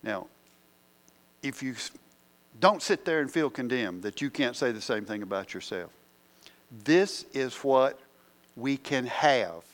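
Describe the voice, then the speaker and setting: A man preaching. He takes his time, pausing between phrases and putting questions to the congregation. His voice sits at a middling pitch for a man. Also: expressive. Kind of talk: sermon.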